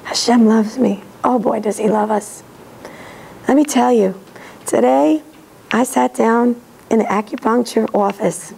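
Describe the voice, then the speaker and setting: A woman with a hoarse voice from laryngitis, giving an earnest, animated religious lecture to an audience and acting out bits of dialogue. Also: a little high, a little slow, long pauses, a little hiss or hum, low-quality recording. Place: synagogue hall.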